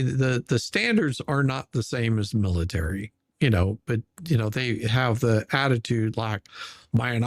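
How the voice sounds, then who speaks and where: A man co-hosting a live stream, talking casually in halting starts and laughing easily. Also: medium pitch, no echo, studio quality. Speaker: stream co-host.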